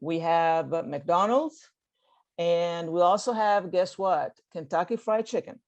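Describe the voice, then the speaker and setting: A woman's voice: on the low side, a little slow, a little mellow. Italian-accented woman teaching an online beginner class, upbeat and patient, keeps checking in with listeners. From Italy. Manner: encouraging, checks in with frequent "okay?". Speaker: language teacher. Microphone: video call.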